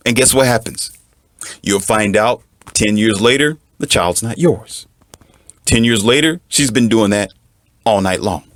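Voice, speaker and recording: A man's voice: mid-range voice, no room sound. A man giving an emphatic, repetitive lecture as a relationship coach. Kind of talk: lecturing monologue.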